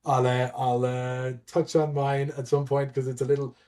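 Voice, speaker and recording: A man's voice: medium pitch, flat delivery, moderate pace, dark tone. Rambling man telling stories. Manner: rambling, many restarts and fillers; laughs often, swears casually. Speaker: guest, event admin. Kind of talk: casual storytelling interview.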